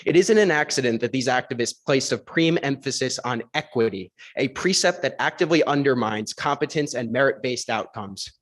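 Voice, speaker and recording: A man's voice: mid-range voice, brisk, few pauses, fairly bright tone. A man delivering an indignant, rhetorical prepared statement during public comment at a school board meeting.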